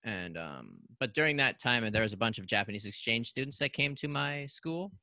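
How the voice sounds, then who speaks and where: A man from Canada in his thirties, a podcast guest telling stories in a casual, animated way and acting out the voices in them. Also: mid-range voice, a little fast, no room sound, studio quality. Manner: animated, acts out voices in anecdotes. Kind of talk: casual storytelling.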